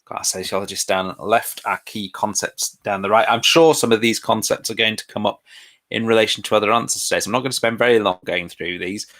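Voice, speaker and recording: A man's voice: fairly low pitch, steady tone, quick pace, a bit bright. A man presenting a live online revision lesson in a chatty, self-deprecating way. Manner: chatty, laughs at own pronunciation doubts.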